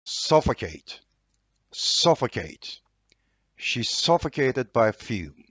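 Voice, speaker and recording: A man's voice: mid-range voice, big pitch swings, slow, fairly bright tone, slightly rough, no echo. A man with a Turkish accent teaching English vocabulary, saying each word twice and reading an example sentence. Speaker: language teacher.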